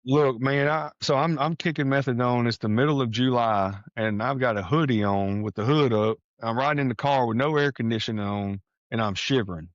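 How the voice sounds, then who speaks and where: A man's voice: medium pitch, fairly quick, hardly any pauses, no room sound. A man from Texas, a podcast guest, telling his story in an earnest, folksy way and acting out conversations he recalls. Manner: earnest, folksy, acts out quoted exchanges. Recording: dull lo-fi sound.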